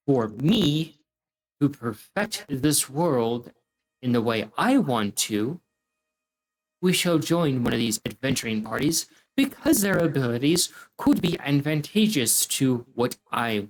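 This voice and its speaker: A man's voice: medium pitch, low-quality recording. A man voicing an arrogant, scheming male scholar who speaks in a formal, cutting and pompous way.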